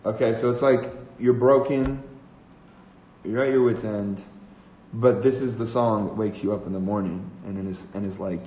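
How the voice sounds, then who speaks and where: A male musician writing a song on a livestream. He mutters his ideas softly, letting phrases trail off, then sings trial lines. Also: on the low side, fairly even intonation, moderate pace, roomy sound, slight background noise, poor audio. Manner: soft, trailing speech between sung phrases. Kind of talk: songwriting livestream, thinking aloud.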